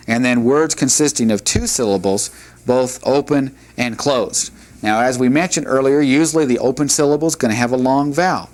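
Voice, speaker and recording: A man teaching a Hebrew language lesson, reading word lists aloud in a measured, deliberate way and explaining syllables. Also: mid-range voice. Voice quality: measured, deliberate delivery with pauses between drilled words.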